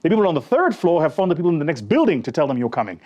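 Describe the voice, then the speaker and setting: A man giving a motivational talk, his pitch riding a little high and swinging widely as he tells the story. The tone is mellow and dark rather than bright, and he talks straight to his audience. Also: rapid-fire, lo-fi sound. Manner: animated, addresses listeners directly, acts out dialogue. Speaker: motivational speaker.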